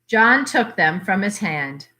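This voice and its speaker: Slow, expressive woman reading a story. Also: medium pitch. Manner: measured, expressive narration. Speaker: library story reader. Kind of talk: reading a short story aloud.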